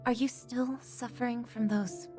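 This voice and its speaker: A woman's voice: a little high, steady tone, measured pace, over music, natural voice. A woman as a cool, clinical clinic official. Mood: cold. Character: stern female clinic official following orders. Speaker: rehabilitation center staff in a game.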